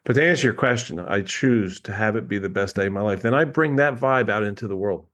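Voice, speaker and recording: A man with a lowish voice talks fairly quickly as a guest coach on a casual podcast. He's an animated storyteller who laughs often and does little impressions of people.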